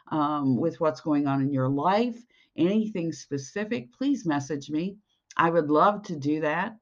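A podcast preacher giving a slow, earnest devotional sermon and reading scripture aloud. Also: medium pitch, lo-fi sound.

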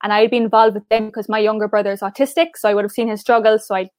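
A young woman from Cork with an Irish accent, chatting fast in an interview as a guest and often saying "like". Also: medium pitch, little pitch movement, darkish tone, no room sound, clean studio sound. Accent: Irish, Cork mixed with Mayo. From Cork, Ireland. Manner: fast talker, says "like" often. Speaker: pageant finalist guest. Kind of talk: casual interview chat.

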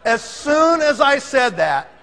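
High-voiced man telling a story in a hall. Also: slow, creaky. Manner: animated, acts out the scene. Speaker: speaker telling a sales story. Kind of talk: storytelling talk to an audience. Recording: long hall reverb.

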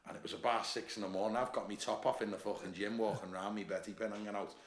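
A man's voice: on the low side, fairly even intonation, racing, echoey room. A middle-aged man from Liverpool with a Scouse accent, guest on a podcast, telling stories in casual chat, swearing freely and laughing through them. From Liverpool, England. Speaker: bodybuilder and gym owner, guest.

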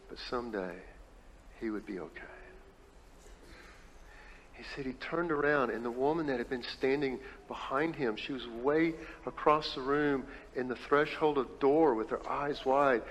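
A male pastor telling a story during a sermon, moving between hushed, intimate passages and emphatic declarations. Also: medium pitch, slight background noise. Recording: reverberant hall, faint ambience.

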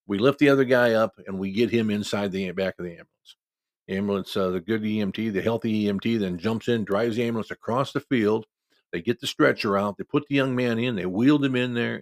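A middle-aged man from Iowa recounts a story from his days refereeing football. He talks in a folksy, conversational way and voices the other people in the story himself. His voice is low and gravelly, and it is recorded close and dry. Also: no room sound. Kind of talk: casual spoken storytelling.

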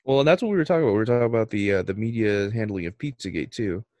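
Brief: male podcast co-host, calm and explanatory, dry close recording. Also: on the low side, very fast, no room sound. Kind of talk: casual chat.

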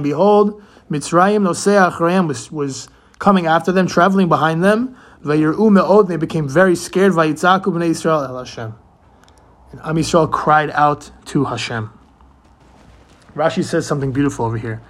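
Earnest man teaching Torah, higher voice. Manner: earnest, asks rhetorical questions, mixes in Hebrew terms. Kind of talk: weekly Torah portion talk.

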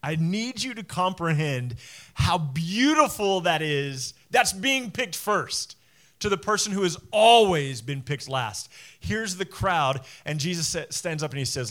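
A man preaching to his church in a slightly raised voice. He talks conversationally, acting out what people say and tripping over his restarts. His pitch swings up and down as the sermon goes on. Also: a little slow. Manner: conversational preaching with animated acted-out quotes and restarts. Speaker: pastor.

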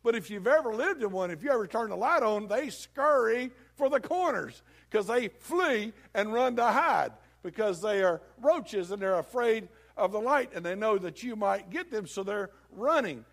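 A male preacher giving a folksy, animated sermon full of homely comparisons. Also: sits high, moderate pace, creaky, hardly any pauses.

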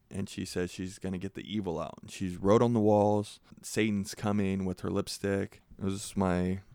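Gravelly-voiced earnest police sergeant. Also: male voice, fairly low pitch, no room sound. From San Jose, California. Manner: earnest, animated storyteller acting out quotes. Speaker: sheriff's sergeant, guest. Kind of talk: conversational interview storytelling.

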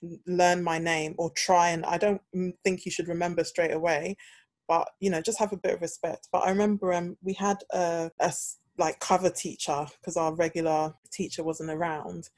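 Lively British woman telling a story. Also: fairly low pitch, normal speed, no room sound. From United Kingdom. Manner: animated storyteller, acts out quoted voices, laughs often. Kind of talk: casual chat.

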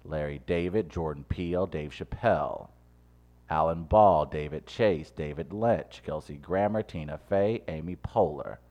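A man co-hosting a casual podcast chat, animated and quick when making his case, reading off lists. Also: very deep voice, muffled recording. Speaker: podcast co-host.

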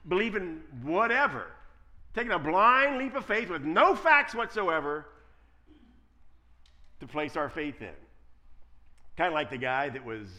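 Male preacher, high and bright, lively delivery swinging soft to loud. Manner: animated preaching, swings between quiet asides and loud emphasis. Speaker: pastor. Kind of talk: sermon.

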